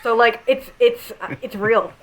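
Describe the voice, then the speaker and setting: A woman's voice: a little high, measured pace, rough recording. A woman co-hosting a casual podcast chat, playful as she defends her view. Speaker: podcast co-host.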